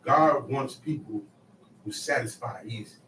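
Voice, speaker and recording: His voice is medium-pitched and a bit bright, his pace measured, as he emphatically leads a small Bible study, performing quotes and calling on listeners. The echoey room, distant microphone, and faint noise color the recording.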